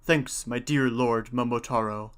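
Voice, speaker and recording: Man voicing a loud, loyal folktale dog with a bright bark. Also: medium pitch, steady tone, measured pace, smooth, natural voice. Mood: grateful. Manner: loud barking. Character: loyal barking dog companion.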